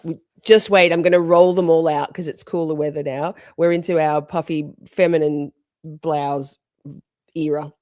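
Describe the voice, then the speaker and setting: A woman's voice: low-pitched, fairly even intonation, normal speed, darkish tone, no room sound, studio quality. Rambling, swearing woman streamer. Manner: rambling, swearing freely, greeting chat viewers. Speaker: live streamer. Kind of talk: casual live-stream chat.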